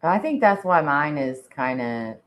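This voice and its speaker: A woman's voice: deep voice, expressive, unhurried, rough recording. A woman chatting casually on a talk show, laughing often and filling her talk with "like". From Indiana. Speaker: podcast co-host. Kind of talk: casual chat.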